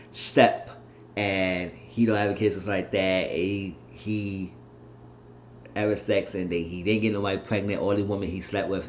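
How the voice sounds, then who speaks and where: Rambling low-voiced man recapping a show. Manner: rambling, animated retelling with mimicked quotes. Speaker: reality show recap vlogger. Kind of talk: casual episode recap. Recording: roomy, dull lo-fi sound with faint noise.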